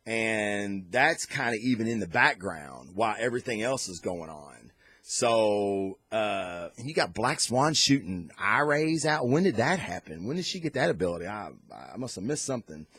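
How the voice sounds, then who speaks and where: A man's voice: lowish voice, sing-song, moderate pace, fairly bright tone, husky, dry recording. A man hosting a podcast, giving an enthusiastic, rambling review of comic books with lots of restarts and fillers. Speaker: podcast host. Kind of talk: casual comic book review.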